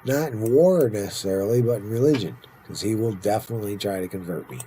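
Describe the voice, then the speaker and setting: A tired, punch-drunk man narrates his strategy game in a chatty, playful way, now and then slipping into mock-grand roleplay. His voice is fairly low and mellow. A faint noise floor sits under the recording. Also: animated, quick pace, few pauses, poor audio. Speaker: gaming video host. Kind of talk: casual let's-play commentary.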